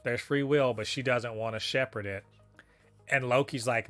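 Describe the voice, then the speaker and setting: Bright and forceful, this man's mid-range voice moves at normal speed with soft music behind it. He co-hosts a laid-back podcast reviewing a TV episode, swearing freely, laughing frequently and exclaiming in disbelief.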